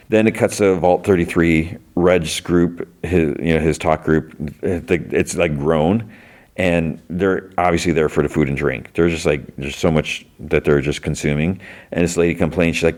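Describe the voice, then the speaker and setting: Deep-voiced man recapping a show. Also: fairly even intonation, moderate pace, darkish tone. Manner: rambling, loose, full of "like" and restarts. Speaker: podcast host. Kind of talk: casual episode recap.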